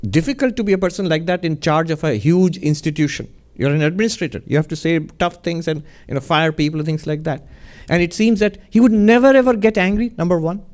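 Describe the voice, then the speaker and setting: A man, a monk, giving a spiritual talk in a gentle, reflective storytelling manner, often chuckling. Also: on the high side, fast, few pauses.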